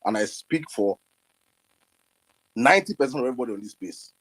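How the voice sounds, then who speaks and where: Brief: man, husky, dry and close, angry and repetitive. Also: medium pitch, lively intonation, brisk, a bit bright, no room sound, low-quality recording. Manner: angry, insistent, repeats himself. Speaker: participant.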